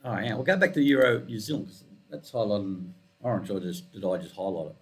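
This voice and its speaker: Talking fast in a fairly low voice, this man explains forex charts in an informal screencast. He wanders, corrects himself, and mutters asides along the way.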